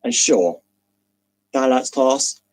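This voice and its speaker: A man performing a spoken word poem slowly and dramatically, with long pauses, over a video call. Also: mid-range voice, darkish tone, low-quality recording.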